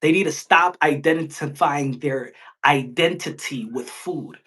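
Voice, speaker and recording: Male boxing streamer, loose, profane, with a bright, sharp tone. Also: fairly high pitch, a little slow, husky. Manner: animated, profane, jumps into mocking impressions. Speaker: boxing live-stream host. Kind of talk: live-stream chat.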